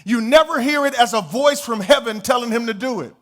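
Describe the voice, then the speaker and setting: High-voiced pastor preaching with fervor. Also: male voice, a little fast. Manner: emphatic, conversational preaching that builds to shouts. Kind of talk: sermon.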